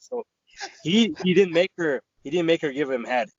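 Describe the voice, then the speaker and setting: A man's voice: high-pitched, lively intonation, a little fast, lo-fi sound. Profane man rambling through a story. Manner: rambling, profane, quotes friends in dialogue. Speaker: podcast co-host. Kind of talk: casual storytelling chat.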